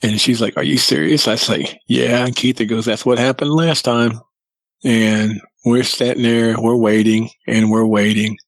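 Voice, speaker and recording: A man telling a personal story as a guest, lively and acting out what people said. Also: medium pitch, measured pace, no echo, rough recording. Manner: animated storyteller who acts out quotes. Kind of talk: casual storytelling.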